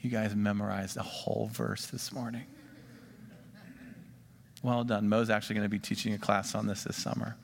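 A man preaching a sermon, swinging between emphatic rises and quiet drops, and drawing the congregation into questions and call-and-response. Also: lowish voice, level tone, normal speed, gravelly, long pauses, slight background noise. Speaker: pastor. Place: church sanctuary. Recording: long church reverb.

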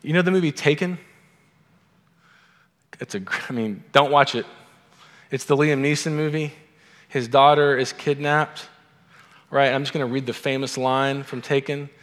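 Casting: male pastor, mid-pitched, relaxed conversational sermon with dry humor, long hall reverb. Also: moderate pace, pauses often. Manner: conversational with wry asides.

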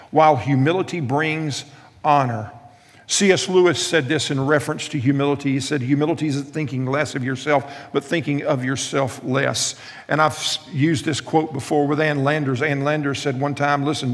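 A man's voice: fairly high pitch, big-room sound. A man preaching a sermon as pastor, telling funny stories and repeating his key lines for emphasis.

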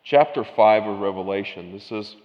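A man's voice: fairly low pitch, normal speed, in a large hall, muffled recording. A man preaching a sermon, moving between casual asides and emphatic scripture reading. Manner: reads scripture with rising, emphatic intensity.

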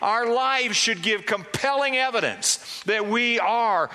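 Pastor guy preaching, pretty high voice, chatty asks-the-crowd style, big reverby hall. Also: slow pace, pushed and bright. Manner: conversational preaching with rhetorical questions. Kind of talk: sermon. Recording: long reverb of a large hall.

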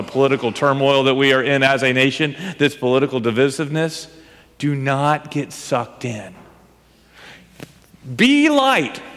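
High-voiced man preaching in a hall. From United States. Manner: animated, emphatic preaching with humor. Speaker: pastor. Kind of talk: sermon. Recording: long hall reverb.

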